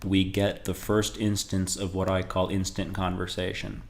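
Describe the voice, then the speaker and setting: A man's voice: low voice, completely flat delivery, normal speed. A man from the United States teaching beginner Spanish in a loose, talky way, often checking in with the listener. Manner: loose and talky, restarts and frequent "okay?". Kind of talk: casual spoken lesson.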